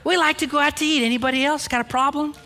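A man's voice: very high voice, steady tone, very fast, over music. A man pastor preaching a sermon, emphatic and direct, calling out the men with playful asides. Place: church sanctuary.

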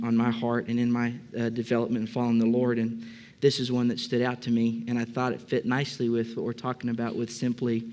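A man's voice: mid-range voice, darkish tone. Man preaching a casual, filler-laden sermon. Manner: conversational, many filler "uh"s, addresses congregation directly. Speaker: pastor.

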